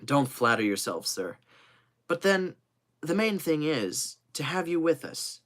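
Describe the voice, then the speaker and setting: A man's voice: a little high, very animated, measured pace, a bit bright, pitched above the performer's own voice. A man voicing a cheerful, loyal young manservant who talks eagerly and earnestly.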